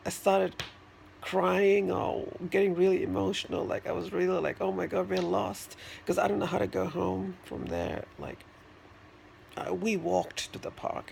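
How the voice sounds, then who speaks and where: A man with a high voice and heavy vocal fry recounts a personal memory in a casual vlog. He speaks haltingly and circles back, with lots of restarts and fillers. A faint hum of room noise sits behind him. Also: darkish tone. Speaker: vlogger.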